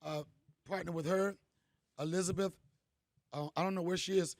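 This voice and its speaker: High-pitched joking man, gravelly voice. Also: fairly even intonation, moderate pace, dry recording, clean studio sound. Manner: loose, joking, slangy storyteller. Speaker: comedian host speaking to an event crowd. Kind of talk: storytelling speech to a live crowd.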